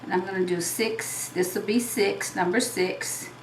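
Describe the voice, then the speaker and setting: A Southern woman hosts a home cooking demonstration, taking her time and talking through each step. She sounds a little way off from the mic in a roomy home kitchen, with dishes and utensils clinking quietly behind her. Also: medium pitch, fairly even intonation, a little slow, distant mic, slight background noise. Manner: chatty, step-by-step explaining. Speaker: cooking show host.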